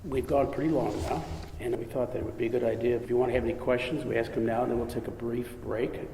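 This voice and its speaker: A man's voice: medium pitch, steady tone, fast talker, dark tone. A man co-leading a workshop, casually announcing a break to the group with many fillers. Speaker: workshop co-leader. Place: large chapel with long reverb. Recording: echoey chapel recording, faint hiss.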